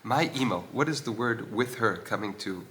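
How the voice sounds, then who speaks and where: Bright-voiced man teaching a text. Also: lowish voice, expressive. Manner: explanatory, pauses with fillers, asks questions aloud. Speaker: Torah teacher. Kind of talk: text study, reading Hebrew lines and translating them. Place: old stone synagogue.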